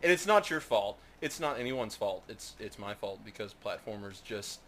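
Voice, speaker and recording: A man gaming with a friend, his voice swinging widely between low grumbles and sudden yelps. He sounds exasperated and talks in casual banter. There is faint background noise behind him. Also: expressive, normal speed. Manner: exasperated, loud outbursts and laughter. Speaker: let's play co-host playing the game.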